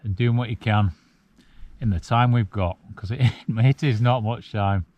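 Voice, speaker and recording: A man in his forties from the UK chats casually to camera while camping alone on a cold mountain at night, in a relaxed, reflective way with the odd chuckle. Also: lowish voice, measured pace, muffled recording. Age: 40s. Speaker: solo wild camping vlogger.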